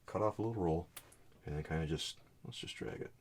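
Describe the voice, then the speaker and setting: Very deep soft-spoken man teaching painting. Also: very animated, a little fast, a little hiss or hum. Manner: soft-spoken, muttering asides while painting. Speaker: art teacher.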